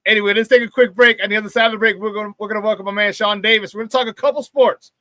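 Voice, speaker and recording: A man hosting a sports talk show, talking excitedly and casually with many restarts and repeated phrases. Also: high-pitched, rapid-fire, no room sound. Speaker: sports radio host.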